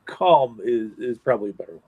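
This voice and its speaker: A man co-hosting a casual stream, speaking haltingly with wry asides. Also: mid-range voice, lively intonation, no echo, phone-quality sound. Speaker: stream co-host. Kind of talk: casual chat.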